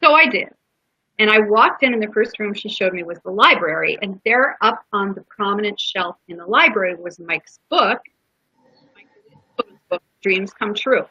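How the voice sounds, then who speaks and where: A woman's voice: medium pitch, lively intonation, moderate pace, pushed and bright, slightly rough, no echo. A woman guest on a podcast, earnestly telling a personal story in a heartfelt way, with restarts. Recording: dull lo-fi podcast audio.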